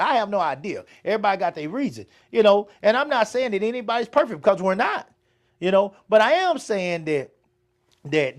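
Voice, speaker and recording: High, animated, profane male podcast host. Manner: frank, profane, emphatic. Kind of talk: casual podcast chat.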